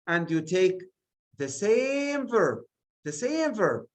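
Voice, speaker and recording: Very slow, deliberate male teacher. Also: high voice, big pitch swings. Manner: slow, deliberate, stresses single words. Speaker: English teacher. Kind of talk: exam revision lesson.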